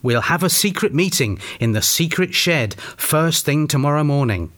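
A man voicing a bossy, excitable schoolboy sleuth who keeps exclaiming, in a comic storybook reading. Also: a little high, normal speed.

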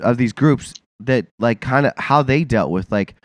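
A man's voice: medium pitch, moderate pace, no echo, clean studio sound. A man with a congested, nasal voice from a sinus infection, co-hosting a casual podcast chat, rambling with lots of fillers and laughs. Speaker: podcast co-host.

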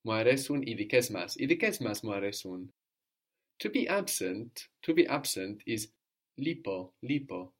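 Man, language teacher, low-pitched, patient, prompting questions, repeating answers. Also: sing-song, normal speed. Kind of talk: one-on-one Greek lesson.

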